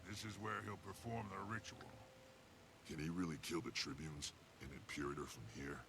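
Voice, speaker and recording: Proud feline warrior sire for game cutscenes, gravelly and low, over audible noise. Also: male voice, steady tone, normal speed. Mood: proud, grim. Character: male charr warrior father, stern and proud.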